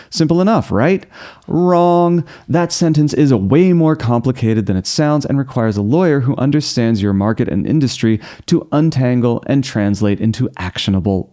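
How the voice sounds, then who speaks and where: Wry, dark-voiced man explaining contracts. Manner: wry, sarcastic asides with sudden jumps in pitch. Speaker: host. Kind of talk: scripted explainer monologue.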